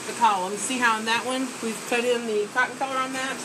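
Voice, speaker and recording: A woman's voice: on the high side, steady tone, fast. A woman giving a chatty, joking live demonstration of painting furniture. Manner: bubbly, joking, teasing. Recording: loud fan and air conditioning noise.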